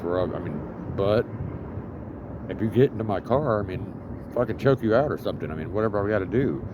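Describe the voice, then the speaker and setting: Male vlogger, lowish voice, rambling and profane storyteller, outdoor take with loud traffic noise. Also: animated, a little fast. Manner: profane, rambling, full of fillers. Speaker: vlogger living homeless.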